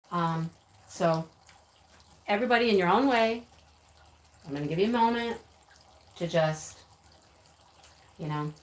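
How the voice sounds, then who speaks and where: Calling out names and laughing a lot, a woman with a lowish voice hosts a casual craft livestream, greeting viewers chattily. She's recorded from a distance, with room echo and a faint hiss.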